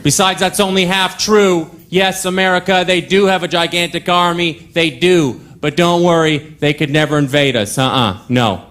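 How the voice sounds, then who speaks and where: A young comedian from Ottawa, Canada, performs stand-up on a club stage with a dry, offhand delivery and lots of asides. His slightly high, somewhat bright voice moves at normal speed with hardly any pauses, over audience noise in a live club.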